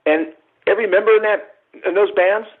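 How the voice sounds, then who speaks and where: Guest photographer, middle-aged man, husky and a bit high, tinny phone line, rambling storyteller. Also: steady tone, brisk. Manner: rambling, profane, acts out quoted dialogue. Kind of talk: casual storytelling. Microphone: phone call.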